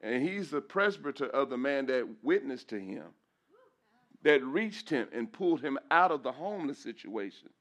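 A man's voice: mid-range voice, very animated, moderate pace, fairly bright tone. A middle-aged man, a pastor, giving an emotional testimony in church, preaching with repeated phrases and rising into praise. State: emotional, voice breaking at times.

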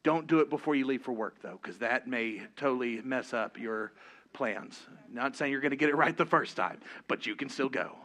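A middle-aged pastor preaching a sermon, swinging from loud, driving exhortation down to hushed, confessional moments. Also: male voice, medium pitch, moderate pace.

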